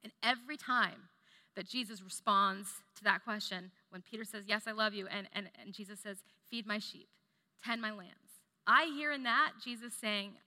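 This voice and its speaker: A woman's voice: mid-range voice, normal speed, bright, forceful tone. A woman preaching a conversational sermon as a church staff member, earnest and reflective, thinking aloud with small restarts. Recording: long hall reverb.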